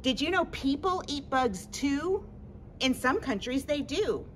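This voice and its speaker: A woman's voice: sits high, big pitch swings, measured pace, a little hiss or hum. A woman hosting a children's story-time in an empty library, talking in a playful, exaggerated sing-song way for kids.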